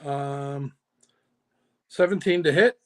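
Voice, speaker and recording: A man's voice: a little high, takes it slowly, a bit bright, a little hiss or hum. A man playing a tabletop role-playing game, gleefully describing his character's attacks. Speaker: player.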